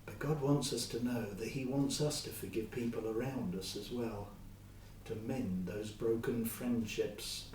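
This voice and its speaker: A man telling a Bible story to children in a lively, expressive way. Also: mid-range voice, reverberant, recorded from a distance, a little hiss or hum, rough recording.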